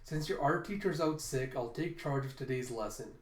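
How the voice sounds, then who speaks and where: A man's voice: mid-range voice, natural voice. A man doing a stern, formal teacher. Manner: formal, measured pronouncements. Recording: roomy echo.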